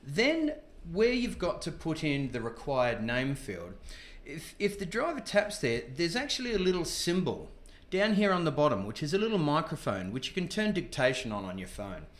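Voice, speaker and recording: A man casually presenting a software tutorial, chatty and informal with frequent asides. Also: a little high, big pitch swings, moderate pace, hardly any pauses. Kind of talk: casual screen-demo tutorial. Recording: echoey room.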